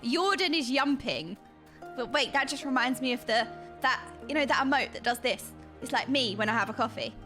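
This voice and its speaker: Bright high-voiced woman streamer. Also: fairly even intonation, fairly quick, faint music behind. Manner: chatty, reads chat messages aloud, laughs often. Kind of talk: casual game stream chat.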